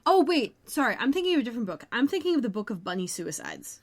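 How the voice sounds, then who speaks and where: A woman's voice: on the high side, very animated, fast. A woman co-hosting a podcast, recapping a TV episode in casual chat, full of jokes and side remarks. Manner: chatty, jokey, tangents and side comments. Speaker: podcast co-host.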